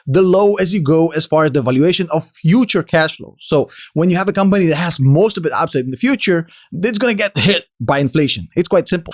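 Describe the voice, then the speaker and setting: A man with a delivery hosting a casual stock analysis vlog, confidently explaining and answering his own questions. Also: sits high. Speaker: finance video host.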